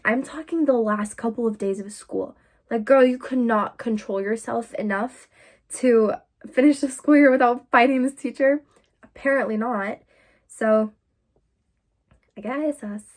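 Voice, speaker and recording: Candid young woman with a gravelly edge. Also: mid-range voice, darkish tone. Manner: candid, confessional, with many "like" fillers. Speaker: vlogger. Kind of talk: casual storytelling to camera.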